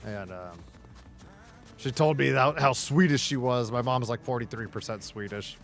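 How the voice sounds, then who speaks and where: A man's voice: mid-range voice, normal speed, soft background music. A man streaming a game, rambling in casual chatter, swearing and laughing often.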